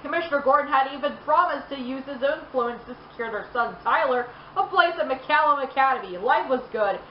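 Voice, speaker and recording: A woman streamer reading game lore aloud in an animated way, laughing and exclaiming between passages. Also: high voice, a little fast, reverberant, lo-fi sound, a little hiss or hum. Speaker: gaming streamer.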